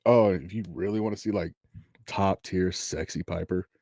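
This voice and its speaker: A man's voice: low voice, moderate pace, gravelly, warm tone, slight background noise. A man co-hosting a casual wrestling podcast, crude and enthusiastic, swearing constantly. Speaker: podcast co-host.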